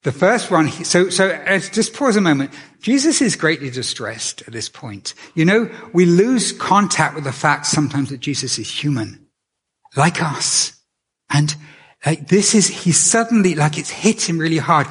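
A man's voice: on the high side, sing-song, moderate pace, fairly bright tone, breathy edge. A man preaching a sermon in a conversational way, often restarting his sentences. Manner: conversational, with many restarts and fillers.

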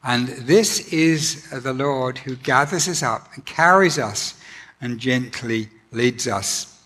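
A man preaching a sermon in an earnest, gentle way, often pausing with ums and restarting his sentences. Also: mid-range voice. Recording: long hall reverb.

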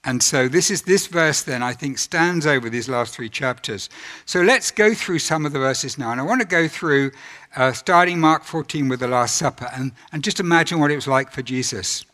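A man's voice: a little high, normal speed, sharp tone. Earnest reflective male preacher. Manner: reflective, earnest, reads scripture aloud. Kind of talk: sermon.

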